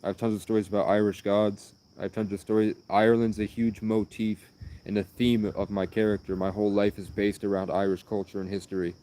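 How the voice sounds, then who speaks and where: A man with a low, mellow voice rambles earnestly through one story after another. His delivery stays flat and even, and he jumps from tale to tale. Crickets chirp faintly outdoors behind him. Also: brisk. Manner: meandering, earnest, jumps between anecdotes. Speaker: livestreamer.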